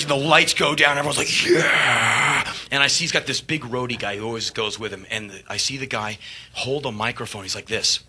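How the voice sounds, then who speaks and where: A man, a touring rock musician, telling a backstage anecdote with animated, profane energy, acting out scenes. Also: medium pitch, noisy background. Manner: animated, swearing, acts out scenes, bursts of laughter and shouts. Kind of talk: storytelling anecdote.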